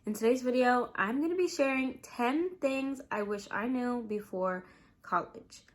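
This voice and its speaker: Relaxed young woman vlogger, chatty. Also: on the high side, a little slow. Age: young adult. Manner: relaxed, rambling, lots of "like" and "you know". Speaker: vlogger and college student. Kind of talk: casual chat to camera while eating.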